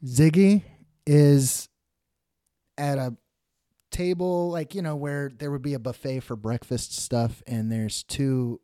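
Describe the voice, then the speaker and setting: A man co-hosting a casual comedy podcast, playful and quick to laugh, describing comic strips. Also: medium pitch, mellow, no room sound, clean studio sound. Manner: playful, laughs easily, puts on silly voices for characters. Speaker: podcast co-host.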